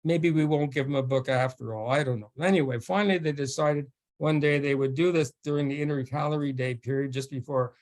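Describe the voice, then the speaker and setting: A man with a slightly higher-than-usual voice tells a story to a forum audience. He stops and restarts often, stumbling over fillers, and laughs easily as the story goes on. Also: fairly even intonation, a little mellow. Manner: halting, with many restarts and fillers. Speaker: guest speaker at a faith forum. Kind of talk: storytelling talk.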